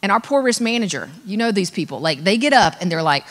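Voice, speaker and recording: A woman giving a humorous, animated motivational talk as a keynote speaker, acting out voices and joking with the audience. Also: medium pitch, quick pace, few pauses. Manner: animated, acts out voices, jokes with the crowd. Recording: long hall reverb.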